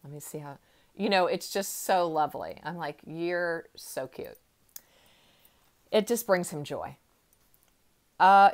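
A woman in her sixties, a counselor, gently guiding a slow relaxation exercise from a chair in her counseling room. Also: low voice. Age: 60s. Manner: gentle, unhurried, soothing guidance. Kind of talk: guided relaxation talk.

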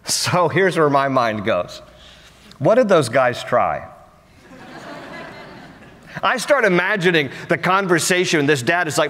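A man's voice: fairly high pitch, animated, measured pace, pauses often, a bit bright. A male pastor preaching a sermon in a church, storytelling with humor. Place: church sanctuary. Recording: echoey church hall.

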